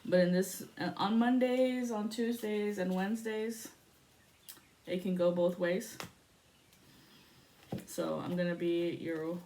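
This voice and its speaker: A woman's voice: lowish voice, takes it slowly, long pauses, dark tone. A woman giving a casual spiritual reading, chatty and profane, laughing often and shifting into a spoken prayer to invoke spirits. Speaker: spiritual reader.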